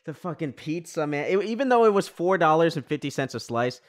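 A man's voice: a little high, expressive, fairly quick. A young man from New York telling a story in a profane, exasperated rant as a podcast host. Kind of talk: ranting casual monologue.

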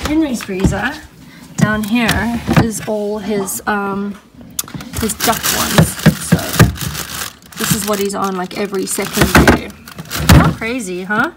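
A woman's voice: mid-range voice, very noisy. A young woman chatting casually in a home vlog, often cooing at her dog. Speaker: vlogger and dog owner.

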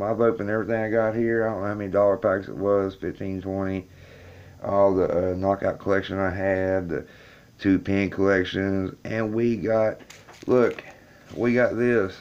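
Low, gravelly male vlogger, chatty, frustrated, calls viewers y'all; filmed on a table camera in a laundry room. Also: darkish tone, muffled recording. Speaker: YouTuber opening card packs. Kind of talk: casual video commentary.

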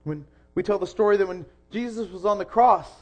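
A young man preaching a sermon in a church, earnest, rising to loud emphasis and dropping soft again. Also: sits high, fairly quick. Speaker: pastor.

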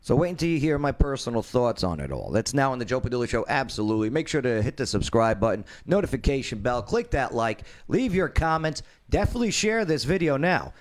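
A man hosting his own talk show, telling a story in a lively, animated way with quoted voices. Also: mid-range voice, fast, few pauses. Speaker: radio show host.

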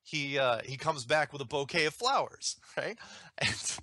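A man ranting in an animated way on a talk show, repeating words and acting out quoted voices. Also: a little high, a little slow, dry recording.

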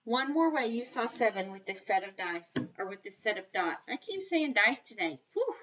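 A woman teaching a kindergarten math lesson on video, talking slowly and encouragingly to young children in a sing-song, playful way. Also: fairly high pitch, big pitch swings, a bit bright, dull audio, slight background noise. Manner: playful mock surprise, sometimes dropping to a whisper.

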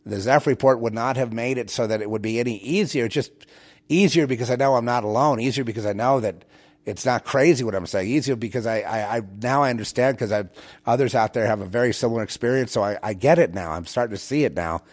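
This man talks fast in a mid-range voice while hosting his own show. His direct address to listeners is a preachy, rambling monologue, full of restarted phrases and repeated words.

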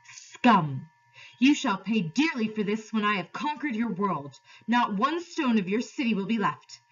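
A proud witch queen hurls ringing, scornful threats, as a woman reads her lines aloud. Her voice is a little husky, and the recording sounds dull and lo-fi. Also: medium pitch, big pitch swings, unhurried, far from the mic.

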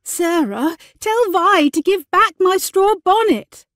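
A woman's voice: extremely high pitch, expressive, slow, fairly bright tone, no echo, studio quality, pitched above the performer's own voice, exaggerated voice. Woman doing a peevish young twin sister. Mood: complaining. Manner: indignant, complaining.

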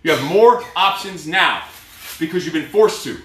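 A man working as a fitness coach, cueing a live workout and giving a loud, blunt, profane pep talk. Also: a little high, expressive, normal speed, a little hiss or hum. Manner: loud, pushy, profane motivator. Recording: echoey room, mic at a distance.

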